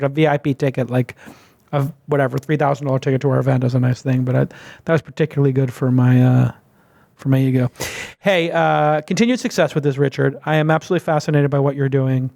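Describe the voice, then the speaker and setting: A chatty man with a fairly high voice hosts a podcast interview. He tells stories with a self-mocking, casual flow, talking freely and at length. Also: quick pace. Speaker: podcast host.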